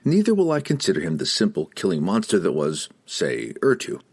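A man narrating a fantasy audiobook in a dramatic, expressive reading. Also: on the low side, brisk, husky.

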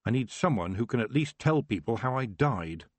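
A man's voice: medium pitch, animated, moderate pace, no room sound, natural voice. A man voicing a young witch girl who speaks firmly and earnestly. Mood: fearful. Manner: firm, earnest.

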